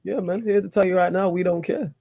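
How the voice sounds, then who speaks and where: A man's voice: sits high, steady tone, quick pace, creaky, dark tone. A man hosting a football watchalong stream, bantering in slangy, teasing chat and repeating catchphrases. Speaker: stream host.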